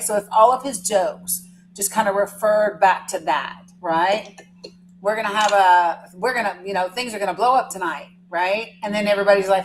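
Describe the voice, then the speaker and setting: A woman's voice: medium pitch, a little hiss or hum, low-quality recording. A woman hosting a livestream, telling a story in a rambling, chatty way and teasing her viewers, with the odd swear word. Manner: casual swearing. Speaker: livestream host. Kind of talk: casual storytelling to a live chat.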